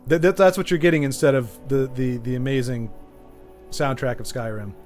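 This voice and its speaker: A man's voice: medium pitch, normal speed, a little mellow. A man streaming a video game, joking and rambling as he chats with his viewers. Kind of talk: casual gaming commentary. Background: faint game music.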